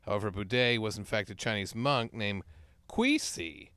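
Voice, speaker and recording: A man co-hosting a casual comedy podcast, animated and quick to laugh. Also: on the low side, smooth, no echo, clean studio sound. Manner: animated, breaks into shouted sung bits and laughter. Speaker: podcast co-host.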